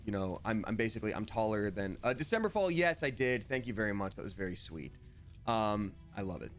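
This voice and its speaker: Animated male streamer telling a story. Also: lowish voice, fairly quick, faint music behind. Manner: animated storyteller, often acts out both sides of a conversation. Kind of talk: casual chat while playing a video game.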